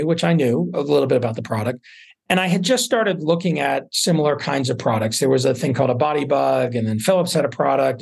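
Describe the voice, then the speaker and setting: A man speaks in an easygoing interview, his voice gravelly with a husky edge. He tells stories loosely, with fillers and restarts along the way. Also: medium pitch. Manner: relaxed storytelling with fillers and restarts. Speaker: guest, venture investor. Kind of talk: casual interview talk.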